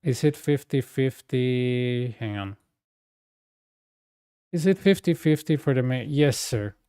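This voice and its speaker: A man's voice: medium pitch, expressive, slow pace, warm tone, smooth, dry recording, studio quality. A young man streaming a game, chatting casually and telling stories in a loose, conversational way. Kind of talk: casual chat while playing a game.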